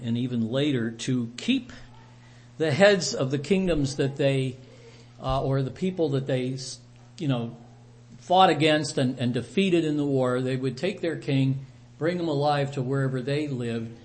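A man teaching a Bible study, retelling the passage in a conversational way with asides to his group. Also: mid-range voice.

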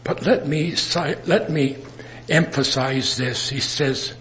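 A man preaching a sermon in an earnest manner, with emphatic rises and soft drops. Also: medium pitch, slow, a little hiss or hum. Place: assembly worship.

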